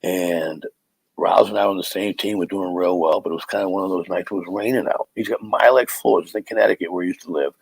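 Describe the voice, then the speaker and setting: A man's voice: low-pitched, fairly even intonation, quick pace, creaky, husky, no room sound, poor audio. A middle-aged man, hosting a live podcast as a comic and telling stories in a rambling, stop-start way. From Boston area, USA. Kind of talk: casual live podcast chat.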